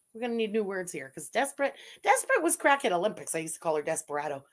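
A Canadian woman hosts a livestream, offering casual commentary in a sarcastic, profane style and laughing frequently. Her medium-pitched voice swings widely and her words come rapid-fire.

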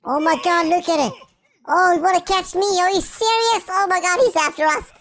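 A gameplay commentator plays it for laughs, using silly sound effects and made-up words, and yelps or shrieks when startled. The voice is very high and brisk, with a noisy background.

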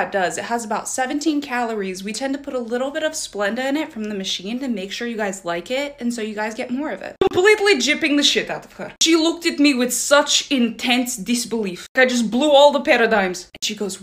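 A woman telling a sarcastic story about her fast food job. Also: a little high, fairly bright tone. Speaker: former fast food worker. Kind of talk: storytime retelling.

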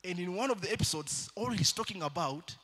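A man preaching a sermon in church, shifting between loud calls to the congregation and quieter storytelling. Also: high voice, expressive, brisk, husky.

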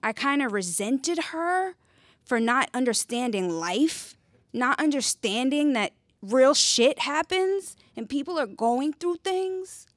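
A young woman telling a personal story in an earnest, conversational way, dropping quiet on painful memories and lifting when she acts out scenes. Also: slow, no echo, clean studio sound. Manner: earnest, conversational, with fillers and rhetorical "right?"; drops quiet and low on painful memories, lifts for animated retelling. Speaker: speaker sharing her story.

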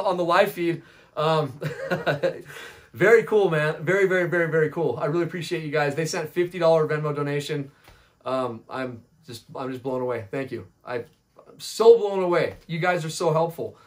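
A man thanking viewers in a casual vlog, halting and full of restarts and fillers. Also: a little high. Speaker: vlogger thanking donors. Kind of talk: casual thank-you video.

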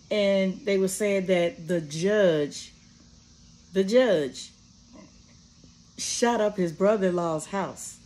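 A woman's voice: lowish voice, slight background noise. A woman vlogger who drives a party bus, giving casual commentary full of swearing and laughter, imitating gunfire as she talks. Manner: animated, swears a lot, laughs often, mimics gunfire. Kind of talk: casual profane commentary on a news story. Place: sitting and resting after work.

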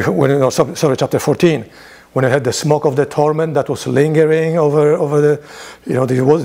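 Leading Bible study in a church, the priest alternates between reading scripture in an elevated voice and explaining it in relaxed, conversational asides that pose rhetorical questions. He's male, medium-pitched, with vocal fry and a darkish tone.

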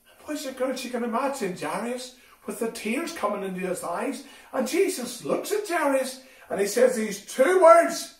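A man telling a Bible story to children at a school assembly, animated and expressive as he talks to them directly. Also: sits high, measured pace. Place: school hall. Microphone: distant from the recording mic. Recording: echoey hall from far off.

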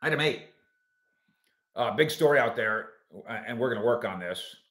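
A man's voice: mid-range voice, lively intonation, normal speed, fairly bright tone, echoey room. A man hosting a live sports show, reading viewer comments aloud and answering them with wisecracks. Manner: wisecracking, puts on silly voices for comments.

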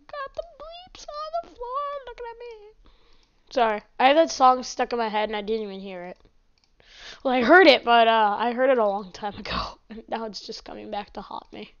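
Woman, gameplay commentary, chatty, giggly, fairly high voice, dull lo-fi recording. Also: a little fast, clear, resonant tone. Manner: chatty, giggly, talks to her pets. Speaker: gaming channel host. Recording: dull lo-fi mic.

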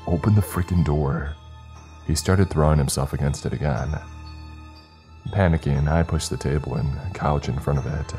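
A man narrating a scripted horror story in a steady, measured reading. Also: a bass voice. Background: faint music.

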